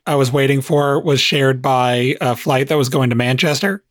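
A man appearing as a guest on a comedy podcast, cracking teasing, deadpan jokes in casual chat. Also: mid-range voice, moderate pace, no echo.

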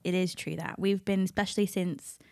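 A woman in her thirties co-hosting a podcast, chatting in a relaxed, reflective way. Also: fairly low pitch, a little fast, creaky, background noise. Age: 30s. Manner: reflective and relaxed, with a lot of fillers. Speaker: podcast co-host. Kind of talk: casual chat.

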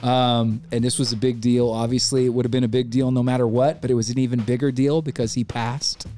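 A man co-hosting a casual podcast, talking in an upbeat, excitable way and laughing often. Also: medium pitch, a little fast, soft background music. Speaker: podcast co-host.

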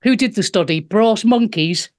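A woman's voice: medium pitch, moderate pace, darkish tone. A woman in her fifties, a stand-up comedian hosting a show, sarcastically reading out and mocking news headlines, swearing freely. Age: 50s. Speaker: host.

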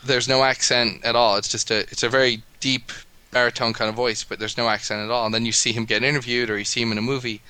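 American man, podcast co-host, has a cold, gravelly, bright, chatty. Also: medium pitch, little pitch movement, fast, few pauses, no room sound, poor audio. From United States. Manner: rambling, chatty storyteller. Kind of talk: casual podcast chat.

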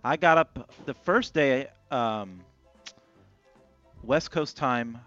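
A man on a radio show recounting a trip in a low-key, matter-of-fact way, heard off-mic. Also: expressive, extremely slow, fairly bright tone, lo-fi sound, faint music behind. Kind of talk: casual radio chat.

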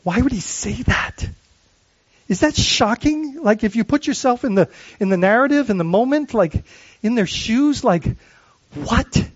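A lead pastor preaches a sermon in a voice that sits high for a man, with lively intonation and a moderate pace. He speaks earnestly, asks one question after another, and frequently restarts sentences. The recording is dry and slightly muffled.

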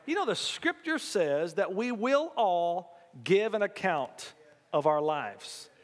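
A man pastor delivers a folksy, animated sermon and calls on his congregation to answer back. His voice sits slightly high. It carries with a long reverb, as in a big church sanctuary. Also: takes it slowly. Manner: folksy, animated preaching with call-and-response.

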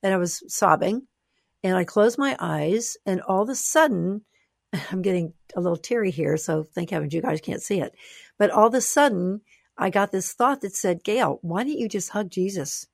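A woman author talking as a guest in an interview, animated and expressive, sometimes playful. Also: mid-range voice, moderate pace, vocal fry, no room sound, clean studio sound. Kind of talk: conversational interview.

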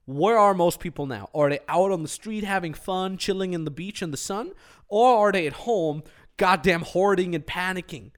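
A man co-hosting a business podcast in casual, energetic chat, with jokey asides. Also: high-pitched, normal speed. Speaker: podcast co-host.

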